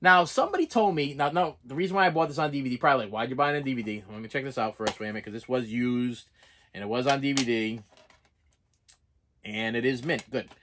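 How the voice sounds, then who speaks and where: Talking a little fast in a slightly bright, mid-range voice, a Boston-accented man walks through his purchases on an unboxing vlog. He's a collector who rambles casually and often stumbles over his words.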